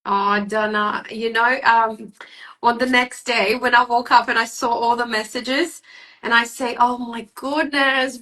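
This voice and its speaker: A woman's voice: sits high, pushed and bright. A woman hosting a live-stream chat as a hair educator, speaking English as a with slightly phrasing.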